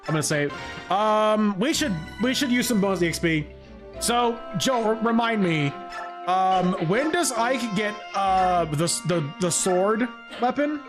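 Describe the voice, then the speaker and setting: High voiced guy streaming a game, super animated, jokey and rambling, faint music behind. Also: unhurried. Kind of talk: live gaming commentary.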